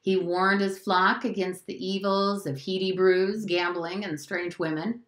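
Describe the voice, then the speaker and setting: Woman teacher reading a novel aloud, steady and clear, echoey room. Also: mid-range voice, unhurried. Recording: roomy echo.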